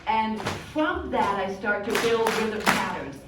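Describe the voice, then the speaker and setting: A woman music educator leading an interactive workshop, calling out prompts and cues to a group in a lively, encouraging way. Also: medium pitch, measured pace, heavy background noise. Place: large conference workshop room. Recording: echoey hall from far off, with drumming. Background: hand drums and group playing.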